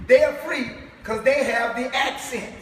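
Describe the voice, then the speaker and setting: A man's voice: extremely high pitch, fairly bright tone, slight background noise. A man preaching to a live congregation, emphatic and firing rhetorical questions at the crowd. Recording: echoey hall, far from mic.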